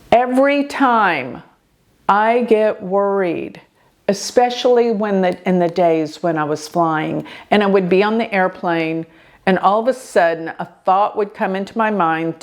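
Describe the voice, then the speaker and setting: An older woman speaks slowly and deliberately, sharing a personal story from her own life. She is an astrology host, and her telling is earnest and expressive, with her pitch sitting in a middle register.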